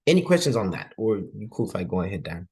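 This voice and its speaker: Deep-voiced male webinar host, casual, halting with repeated words. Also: big pitch swings, darkish tone.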